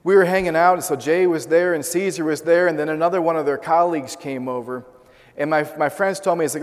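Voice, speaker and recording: Earnest preacher in an echoing hall. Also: male voice, a little high, fairly even intonation, fast talker. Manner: earnest storytelling with rhetorical questions. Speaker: pastor. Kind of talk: sermon.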